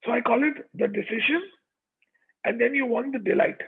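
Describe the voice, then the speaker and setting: A man's voice: very high voice, normal speed, gravelly, husky. A man giving a chatty motivational talk over a video call, checking in with his audience as he goes. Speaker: motivational speaker. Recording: tinny online call audio.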